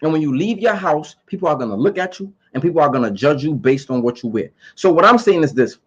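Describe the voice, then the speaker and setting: A man's voice: fairly high pitch, expressive, quick pace, slightly rough, highs cut off. A man giving his opinions in a casual monologue to camera. He talks emphatically, repeats his points and asks rhetorical questions.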